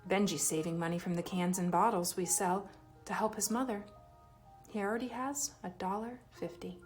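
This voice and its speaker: A woman reading a children's picture book aloud, expressive and animated, giving feeling to the child narrator. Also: medium pitch, normal speed, faint music behind. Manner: expressive, voices the child's feelings with lively shifts. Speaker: storybook reader.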